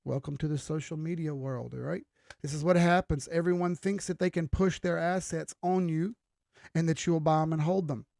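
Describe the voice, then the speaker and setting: A man's voice: on the high side, steady tone, normal speed, gravelly, darkish tone, no echo, clean studio sound. A young man hosting a crypto trading livestream, giving an emphatic, preachy, blunt pep talk with casual swearing.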